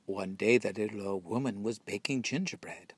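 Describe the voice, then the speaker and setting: A man reading a children's picture book aloud in a slow, expressive storytelling manner. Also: fairly low pitch, husky, dry recording. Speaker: storybook reader.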